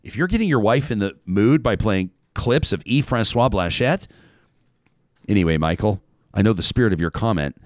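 A man's voice: lowish voice, lively intonation, moderate pace, dry recording, clean studio sound. A man hosting a casual talk show, reading out a listener email and wandering off on tangents.

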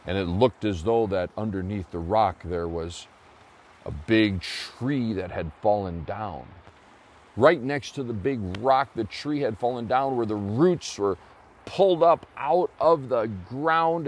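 Low-voiced man telling a folksy story. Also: breathy edge. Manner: folksy, explains as he goes. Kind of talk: told children's story.

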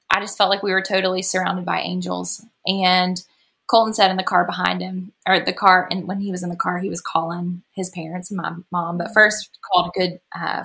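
A woman's voice: on the low side, creaky, sharp tone. A woman, a podcast guest talking through a personal story in a chatty way and laughing often. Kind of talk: casual storytelling.

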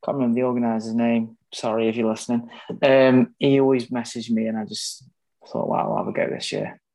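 A man's voice: medium pitch, little pitch movement, brisk, vocal fry, warm tone. Joking man with a mid-range voice. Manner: joking, laughs easily. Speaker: podcast co-host. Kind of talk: casual chat.

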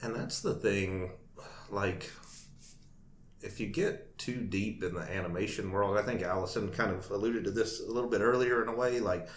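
In a laid-back Nashville interview, a man appearing as a guest cartoonist recounts a lengthy story, laughing often and using many fillers. He speaks at a normal pace in a lowish voice, recorded in an echoey room with faint noise.

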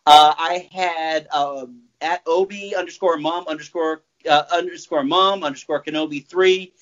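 A man hosts a podcast in casual chat. His voice sits a little high, and he rambles and jokes with plenty of fillers. The recording is muffled and lo-fi. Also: steady tone, moderate pace, fairly bright tone. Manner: rambling, loose and jokey, with many fillers. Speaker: podcast host. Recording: muffled lo-fi sound.

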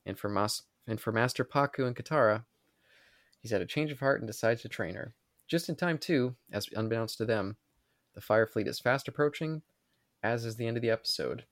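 A man's voice: medium pitch, fairly quick, fairly bright tone, no room sound. Tipsy man reading a recap, dry sound. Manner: stumbling, restarting and swearing at his own slips. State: tipsy from wine. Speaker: podcast host. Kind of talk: reading an episode recap on a podcast.

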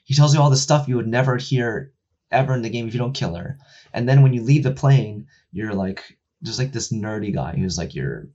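A man in casual chat retelling a video game story, rambling and profane, with many fillers, acting out the characters' lines and getting loud and excited when he makes a point. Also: medium pitch, a little fast, slightly rough, highs cut off.

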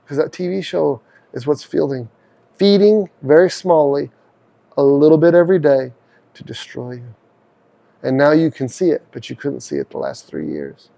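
A middle-aged man delivers a radio sermon in a gravelly, mellow voice. He talks earnestly and conversationally, acting out heartfelt prayers aloud. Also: a little high, moderate pace. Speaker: radio preacher.

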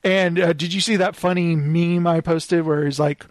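A man hosting a casual podcast chat about films, telling stories in an excitable, animated way. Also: fairly high pitch, moderate pace, no room sound, studio quality. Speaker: podcast host.

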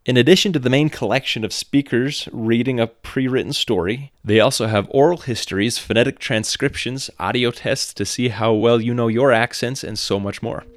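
A man's voice: mid-range voice, normal speed, few pauses, dry recording. A man with a general American accent, reading a scripted podcast narration with wry, conversational asides. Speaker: podcast host.

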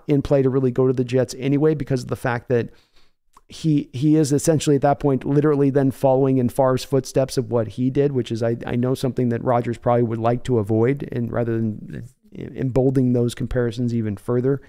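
A man's voice: mid-range voice, warm tone, clear, resonant tone. A man hosting a live sports stream, chatting casually and answering viewers by name. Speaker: sports podcast host reading chat.

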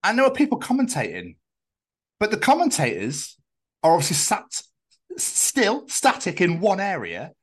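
A man with a Scottish accent co-hosting a podcast, an animated storyteller who swears freely. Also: high voice, moderate pace, husky. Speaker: podcast co-host. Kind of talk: casual chat.

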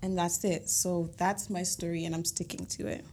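A woman co-hosting a podcast, telling a personal story in a casual, animated way, with lots of fillers and big swings between excited peaks and quiet asides. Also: on the low side, normal speed, a little hiss or hum. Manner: animated, emphatic, with frequent fillers. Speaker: podcast co-host.

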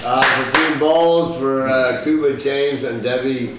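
A man runs a podcast quiz, joking around and swearing with easy good humour. His voice sits at an ordinary pitch. He sounds set back from the mic in a very echoey room with noticeable noise behind him. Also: fairly even intonation, takes it slowly, far from the mic. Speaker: podcast host, quizmaster. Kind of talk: casual quiz chat.

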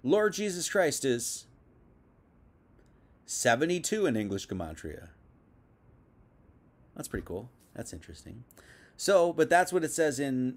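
A young man giving a casual, conversational Bible teaching, full of asides and restarts. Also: medium pitch. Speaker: preacher.

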